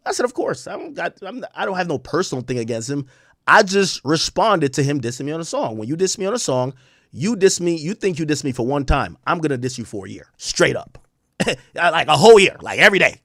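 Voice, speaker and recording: A man streaming and ranting about a phone call, his voice leaping around with a lively, swinging pitch and a slightly higher tone than most men. The sound is close and dry, with no room around it. He mocks the people he imitates and laughs between jabs. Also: quick pace, no room sound. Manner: animated, profane, mocking impressions, laughs often. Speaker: streamer host. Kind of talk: casual storytelling rant on a livestream.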